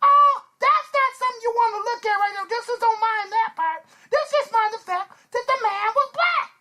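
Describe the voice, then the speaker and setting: A man putting on a sarcastic, whiny caricature of an indignant activist, pitched far above his own voice. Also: moderate pace, pushed and bright, exaggerated voice. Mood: mocking outrage.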